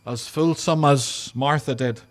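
A male pastor, preaching an earnest sermon and slowing down to stress each scripture quote. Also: medium pitch. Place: outdoor drive-in church service.

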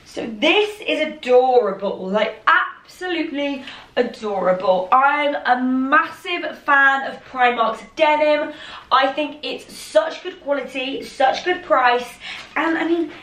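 Young female vlogger, chatty and self-mocking, slightly high voice, recorded in an echoey bedroom from a distance. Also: expressive, takes it slowly, fairly bright tone. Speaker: fashion vlogger. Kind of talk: casual try-on haul chat. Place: her bedroom, indoors. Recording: echoey room, mic set back.

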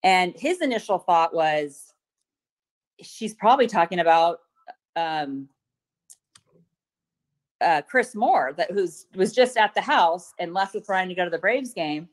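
A middle-aged woman testifying at a court hearing over a video call, retelling events hesitantly with many pauses and ums. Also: on the low side, animated. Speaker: witness testifying at a protective order hearing.

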